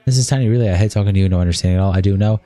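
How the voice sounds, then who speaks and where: Very fast, dark-voiced man reading messages. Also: low-pitched, no echo, soft background music. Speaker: streamer. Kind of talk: reading chat messages aloud on a livestream.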